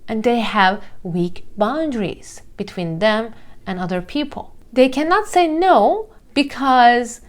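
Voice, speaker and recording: A woman hosting her own channel, earnestly explaining psychology with everyday examples. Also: mid-range voice. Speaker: mindset coach and channel host.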